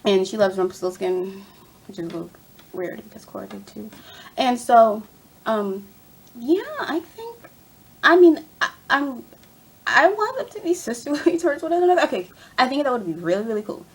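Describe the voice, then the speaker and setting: A woman with a slightly high, breathy voice rants about a TV episode. Her pitch swings up and down as she talks, and she rambles and sounds exasperated, with plenty of fillers. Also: animated, moderate pace, long pauses. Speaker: TV fan reviewer. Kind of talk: casual episode rant.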